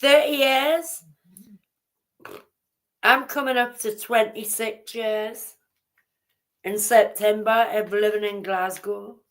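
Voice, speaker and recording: A Geordie woman with a slightly high voice chats on a live stream. She teases, asks questions and greets viewers in an easy, casual way. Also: fairly even intonation, slow, long pauses, fairly bright tone. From Newcastle, England. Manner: teasing, inquisitive, greets viewers.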